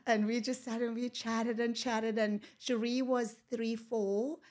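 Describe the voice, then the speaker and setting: As a guest on a podcast, this woman rambles through her personal story in casual chat, full of fillers and restarts, laughing frequently and animated throughout. Her voice is fairly high and a little slow, dropping to a whisper for asides and remembered thoughts.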